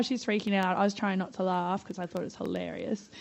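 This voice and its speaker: A woman's voice: medium pitch, fairly even intonation, fast talker, creaky, highs cut off. An Australian woman in the middle of a casual chat, telling a story. Her voice is bubbly and talkative, and she swears freely. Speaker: podcast guest.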